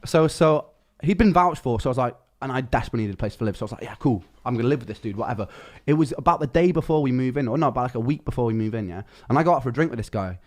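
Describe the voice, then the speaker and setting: Guy telling a funny story, lots of restarts and swearing, mid-pitched everyday voice. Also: animated, racing. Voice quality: rambling, self-correcting, swears freely. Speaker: music producer telling a story. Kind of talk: casual anecdote in a video.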